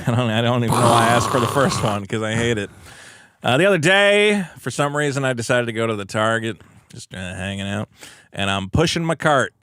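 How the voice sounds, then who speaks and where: A man co-hosting a comedy podcast, riffing in an animated way and often slipping into mocking impressions. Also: medium pitch, brisk. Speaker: podcast co-host.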